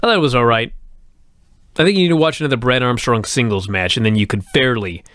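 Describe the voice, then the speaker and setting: A man's voice: mid-range voice, fast, a bit bright, no echo, studio quality. A man co-hosting a wrestling review show, trading wry, joking banter in casual chat. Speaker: podcast co-host reviewing wrestling.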